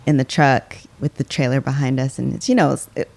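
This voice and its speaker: A woman's voice: extremely low pitch, steady tone, brisk, creaky, a little mellow, no room sound. A woman co-hosting a podcast, chatting casually and rambling as she restarts her sentences. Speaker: co-host. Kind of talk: casual chat.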